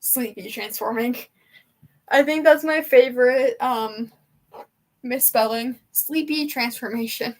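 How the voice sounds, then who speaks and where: Young woman streamer, rambling and emotional, slightly high voice, casual chat from home. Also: measured pace. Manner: rambling, emotional, chatty fan talk. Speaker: livestream host.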